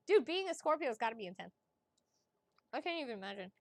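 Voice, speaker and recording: A woman reading as a psychic in a casual livestream chat, chatty and excitable, laughing often and swearing casually. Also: on the high side, quick pace, long pauses, dry recording. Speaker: psychic reader.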